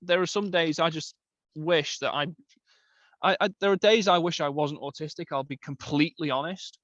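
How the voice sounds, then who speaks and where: A man's voice: fairly high pitch, normal speed, fairly bright tone, no echo, lo-fi sound. A man talking bluntly and emphatically in a casual group chat. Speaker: podcast guest.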